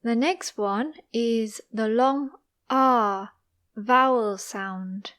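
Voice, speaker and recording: A woman gives a pronunciation lesson at a very slow, deliberate pace. Her voice sits a little high. She pauses after every example word. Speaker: English teacher.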